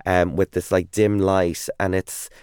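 A man's voice: low voice, little pitch movement, unhurried, a little mellow, clear, resonant tone, dry recording, studio quality. A man with an Irish accent in his thirties, chatting enthusiastically as an interview guest, telling stories with many fillers and restarts. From Ireland. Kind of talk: casual interview chat.

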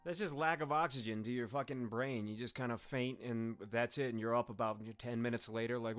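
A young man as a guest in a casual podcast chat, deadpan and joking, with frequent swearing. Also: medium pitch, a little fast, few pauses, clear, resonant tone, faint music behind.

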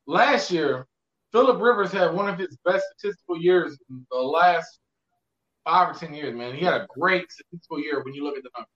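A man on a casual sports podcast, telling animated stories full of slang and cursing. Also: on the high side, a little fast. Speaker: podcast co-host. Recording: echoey room, lo-fi.

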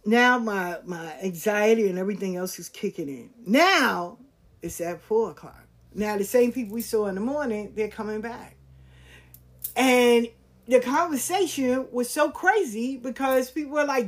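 Speaking at a moderate pace in a slightly high voice, a woman shares a personal story. She's animated and frank, using slang and performing the voices of anyone she quotes.

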